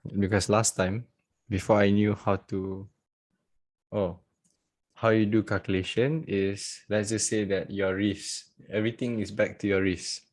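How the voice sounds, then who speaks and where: A man's voice: on the low side, level tone, a little slow, a little mellow. A man hosting a casual live online trading class from home over a video call, chatty and joking, laughing often.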